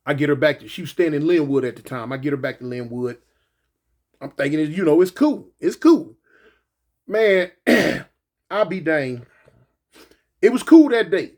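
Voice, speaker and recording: A man telling a personal story in a casual, animated way, repeating himself and peppering it with "man" and "you know". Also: a little high, moderate pace, long pauses. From Los Angeles.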